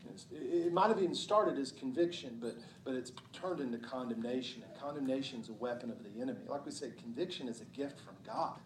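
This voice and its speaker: A man's voice: medium pitch, a little fast, hardly any pauses, echoey room, far from the mic, slight background noise, low-quality recording. A man preaching a sermon in a church, impassioned and repetitive, acting out people's inner voices. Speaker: pastor. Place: church sanctuary.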